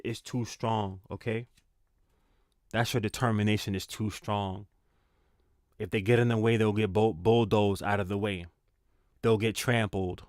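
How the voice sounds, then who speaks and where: A man's voice: lowish voice, a little mellow, no room sound, studio quality. A man giving a spiritual tarot reading in a casual, slangy, encouraging way, repeating himself for emphasis. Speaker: tarot reader.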